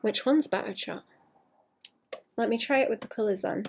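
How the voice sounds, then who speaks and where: A woman streaming herself drawing, chatting casually in a rambling way that trails off and drops to a quiet murmur. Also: a little high, normal speed, creaky, a little hiss or hum. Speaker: art streamer. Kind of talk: casual live-stream chat while drawing.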